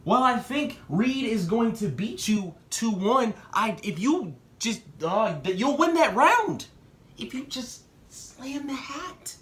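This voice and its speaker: A young man in a casual vlog giving excited predictions and talking straight to the people he discusses. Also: slow, reverberant. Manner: excitable, talks straight to the rappers, jumps in pitch. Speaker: battle rap commentator.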